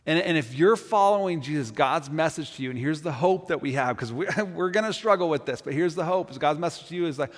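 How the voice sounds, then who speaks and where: A man with a bright, high voice delivers a sermon. He speaks earnestly and often doubles back on words as he builds toward a point. His voice rings with the long reverb of a large hall. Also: lively intonation, fast, few pauses. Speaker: pastor.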